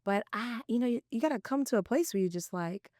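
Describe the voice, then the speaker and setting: A woman hosting a faith podcast in casual interview chat, animated and often laughing, encouraging her listeners. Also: fairly high pitch, fast talker, no room sound, clean studio sound. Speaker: podcast host.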